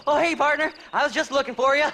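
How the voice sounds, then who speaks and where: Shifty, giggling creep, high, bright. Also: male voice, fairly even intonation, fast, slight background noise. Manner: giggly, evasive, twitchy. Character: cackling shifty male grave robber.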